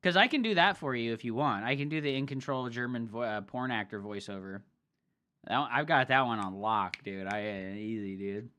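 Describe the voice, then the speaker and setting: A male streamer casting a match in a loose, profane, excitable style. His voice is bright and forceful, with a tense edge that cuts through the chatter. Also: medium pitch, a little fast. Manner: swears a lot, loose and excitable. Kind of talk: casual game commentary.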